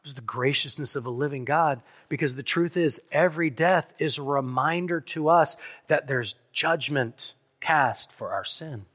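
A man preaching a sermon as pastor, earnest, dropping softly on key lines and speeding through asides. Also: a little high, normal speed, few pauses. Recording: long hall reverb.

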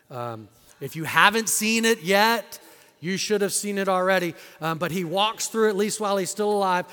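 A male pastor with a fairly high, sharp voice preaches a sermon conversationally, posing rhetorical questions to the congregation. A long hall reverb hangs on the recording.

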